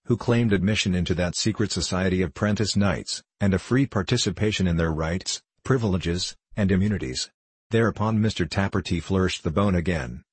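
Deep husky male audiobook narrator. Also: dry recording.

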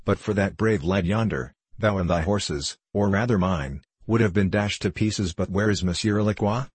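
A dry, teasing country judge voiced by a man using old-fashioned speech in an audiobook. His voice is deep and husky, recorded dry. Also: moderate pace, no echo.

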